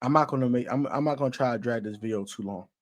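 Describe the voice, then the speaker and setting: A man's voice: medium pitch, fast, lo-fi sound. A man ranting about football in casual slang, emphatic and repetitive. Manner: emphatic, repetitive, gets louder as he goes. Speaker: sports commentator. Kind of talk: casual sports rant.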